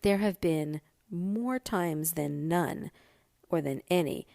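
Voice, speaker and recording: A middle-aged woman hosting a podcast, telling a personal story in a casual, animated way. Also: fairly low pitch, slow pace, creaky, no room sound. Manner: animated, vents with rising heat. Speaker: podcast host.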